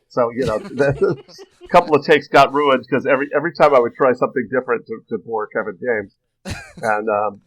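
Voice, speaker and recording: A man chatting as a podcast guest, a working actor trading stories from the set. He talks in a lively, animated way and often breaks into chuckles. His voice sits at an ordinary middle pitch. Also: poor audio. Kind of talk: casual podcast chat.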